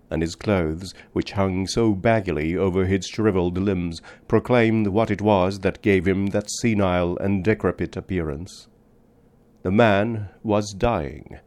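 A man narrating a book in a measured, deliberate reading. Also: fairly low pitch, a little mellow. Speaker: audiobook narrator. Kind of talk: scripted narration.

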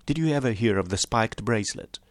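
A man's voice: lowish voice, lively intonation, brisk, no echo, lightly acted. A man voicing a towering, boastful master criminal in an audiobook, scornful and triumphant. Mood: astonished.

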